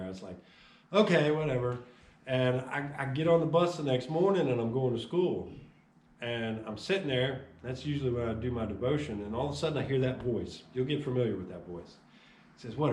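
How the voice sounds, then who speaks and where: Man, personal testimony, animated storytelling, acts out dialogue, mid-pitched voice, echoey room. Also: recorded from a distance. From Chicago. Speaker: testimony speaker.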